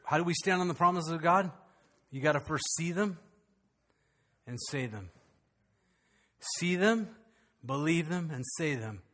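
A man's voice: fairly high pitch, measured pace, long pauses, a bit bright. An older man preaching a sermon as pastor, folksy and storytelling, rising to fervent, rhythmic preaching.

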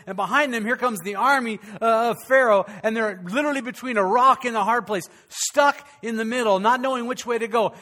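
A man, a pastor, preaching to his congregation in a conversational way, with humor and dramatic pauses. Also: very high voice, sharp tone. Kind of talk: sermon. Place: church sanctuary before a congregation.

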